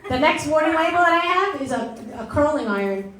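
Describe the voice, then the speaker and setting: A woman's voice: high voice, expressive, a little fast, fairly bright tone. A middle-aged woman doing a brash, self-mocking stand-up set in a comedy club. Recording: echoey club with audience laughter.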